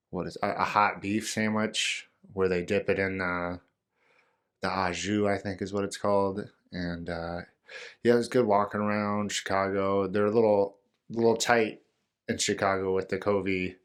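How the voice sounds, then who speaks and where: Low-voiced rambling male podcast host. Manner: rambling, joking, many fillers. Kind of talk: casual solo podcast talk.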